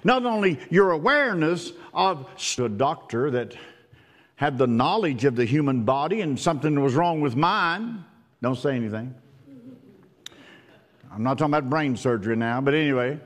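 An older man preaching with a folksy storytelling manner, his voice rising loud, then dropping hushed. His mid-range voice rings out with a long reverb, as in a church hall. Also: medium pitch, expressive, normal speed. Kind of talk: sermon.

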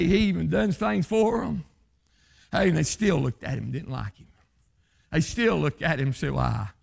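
A man preaching a revival sermon, rising into shouted, chanting lines and falling back low. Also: gravelly, husky. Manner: chanting revival-style sermon, pitch leaping up to shouts then dropping low.

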